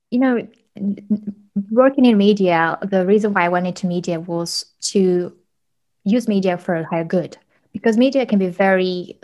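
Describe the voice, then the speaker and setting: A woman working in media, a guest telling animated stories with frequent laughs and fillers in a casual interview. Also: mid-range voice, lo-fi sound. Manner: animated storyteller, laughs often, many fillers.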